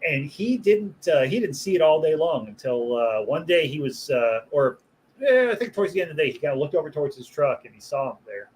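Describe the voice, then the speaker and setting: Guest butcher, a man with a slightly higher voice, telling rowdy, profane shop stories in a loose, animated podcast chat and laughing along with them. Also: a little fast, slight background noise, low-quality recording. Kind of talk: casual storytelling chat.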